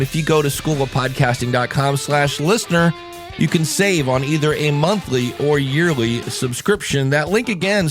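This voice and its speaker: A man from Ohio with a Midwestern American accent, hosting a podcast and talking about accents in a chatty, informal way. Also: fairly high pitch. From Ohio, USA. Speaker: podcast coach and host. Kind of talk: upbeat podcast talk.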